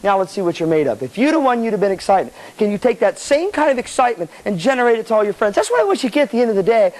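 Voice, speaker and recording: Man, motivational speaker, high voice, swooping delivery, playful, blunt, old tape with faint hiss. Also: very fast, few pauses, rough recording. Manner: animated and playful, acts out the inner voice, blunt, swears. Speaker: motivational speaker to student band members. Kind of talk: live motivational seminar talk. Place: hall with a student audience. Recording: 1985 live cassette tape with faint audience and hiss.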